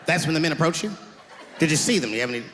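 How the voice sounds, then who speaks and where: A man voicing a weary middle-aged police officer who asks slow, patient questions. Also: fairly high pitch, expressive, a little hiss or hum, voice pushed down. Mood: dryly patient. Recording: echoey hall with loud crowd.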